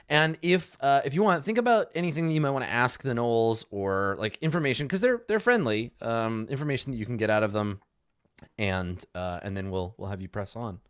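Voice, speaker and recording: A man's voice: medium pitch, clean tone. A man narrating as game master, telling the scene loosely with lots of fillers and laughs.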